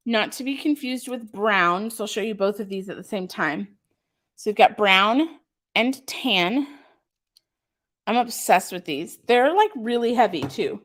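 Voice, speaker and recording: A woman who runs a small craft shop, hosting a casual live stream. She chats and gushes about her products with lots of filler ums, and she reads out viewer comments and answers them. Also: fairly high pitch.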